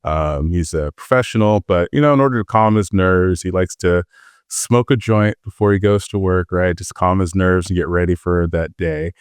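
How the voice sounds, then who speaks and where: A man's voice: sits low, moderate pace, smooth, dry recording, clean studio sound. A middle-aged man, a podcast guest, telling anecdotes from a long law-enforcement career in a self-assured way. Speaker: guest, former FBI agent. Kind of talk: casual storytelling.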